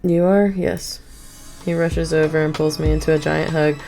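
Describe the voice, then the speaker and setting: A woman's voice: low-pitched, level tone, moderate pace, vocal fry, mellow. A woman streamer reading a visual novel game aloud, stopping for asides and correcting her own misreads. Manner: reads game text with asides and self-corrections. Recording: game music behind the voice.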